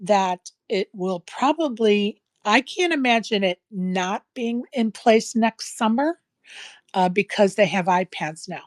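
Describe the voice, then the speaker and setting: A woman hosting a relaxed podcast conversation who talks emphatically, hammering home her points by repeating them. Her voice sits at a middle pitch and sounds dry and close to the mic. She has a case of the hiccups. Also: takes it slowly, no echo. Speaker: podcast host. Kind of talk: casual chat.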